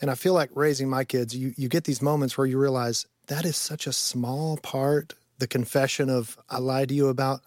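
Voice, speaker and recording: A man's voice: medium pitch, fairly even intonation, normal speed, hardly any pauses, no echo. A man who produces radio shows, chiming in eagerly and speaking reflectively in a casual studio chat.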